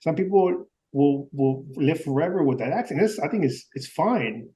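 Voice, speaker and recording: A man who stutters, a podcast guest speaking casually with halting restarts. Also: fairly high pitch, animated, dark tone, far from the mic, slight background noise, low-quality recording. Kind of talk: casual chat.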